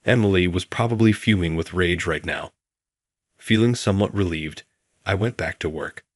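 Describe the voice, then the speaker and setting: A man narrating a first-person story in a calm, even, scripted storytelling manner. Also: low-pitched, normal speed, no room sound, studio quality.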